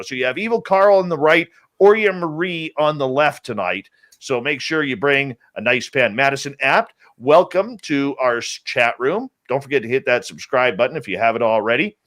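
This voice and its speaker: A male show host greeting viewers by name in an upbeat, playful way and jumping up in pitch on names. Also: fairly bright tone. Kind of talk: livestream show opener, greeting chat viewers.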